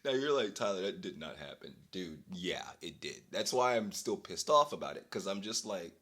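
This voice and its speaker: A young man vlogging, telling an exasperated story in a casual, animated way and breaking into laughter. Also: low voice, moderate pace.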